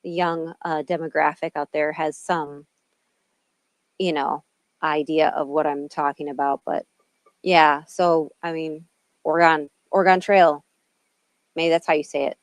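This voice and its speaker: A woman's voice: low voice, flat delivery, a little slow, dry recording. A middle-aged woman from Illinois, co-hosting a podcast in casual, rambling chat full of side tangents. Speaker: podcast co-host.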